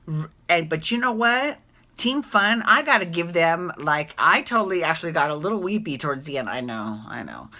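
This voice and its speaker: A woman vlogger doing a casual, rambling TV recap, correcting herself often and adding animated asides. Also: fairly low pitch, brisk.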